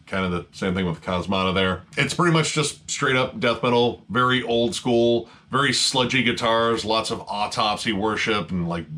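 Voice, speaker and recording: A man reviewing heavy metal albums in a loose, rambling monologue. His voice sits a little low but has a bright, forceful edge. He leans on fillers and swears freely as his enthusiasm builds.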